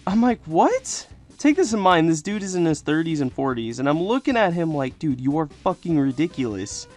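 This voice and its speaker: A teenage boy excitedly telling a profane personal story in casual speech. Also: fairly high pitch, brisk, soft background music. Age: teens. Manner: profane, animated, excitable retelling.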